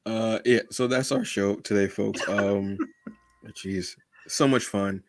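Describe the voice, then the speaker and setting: Playful podcast co-host, low dry voice. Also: male voice, fairly even intonation, slow pace, no room sound. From United States. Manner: playful and joking, calls his co-host "brother", turns earnest. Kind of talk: casual podcast chat.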